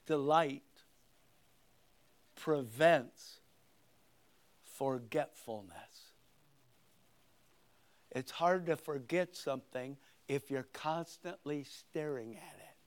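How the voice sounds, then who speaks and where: An older man preaching a sermon, swinging between loud emphatic points and quiet conversational asides. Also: mid-range voice, extremely slow, pauses often. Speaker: pastor.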